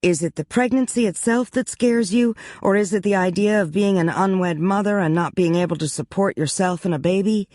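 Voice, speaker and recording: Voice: medium pitch, moderate pace, hardly any pauses, a little mellow, no echo, clean studio sound, pitched above the performer's own voice, lightly acted. Narrator playing Carly, a fierce forthright young woman. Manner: fierce, probing.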